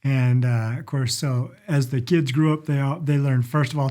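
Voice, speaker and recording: A man's voice: medium pitch, moderate pace, hardly any pauses, dark tone. A middle-aged man explaining travel phrases in a casual instructional talk, demonstrating them with stretched vowels. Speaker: language and culture teacher.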